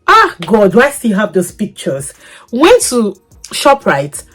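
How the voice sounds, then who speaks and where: Lively young woman telling a story. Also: medium pitch, takes it slowly, soft background music. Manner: animated, laughing, swings between loud outbursts and soft asides. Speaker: vlogger. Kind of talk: casual storytelling to camera.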